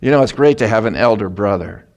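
A man's voice: on the low side, lively intonation, fast, darkish tone. A middle-aged male pastor preaching a sermon in a folksy, emotional way, laughing through personal stories.

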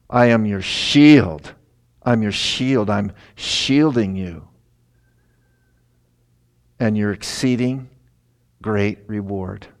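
A man's voice: fairly low pitch, creaky. A middle-aged man preaching a sermon in a folksy, storytelling way, with emphatic lines.

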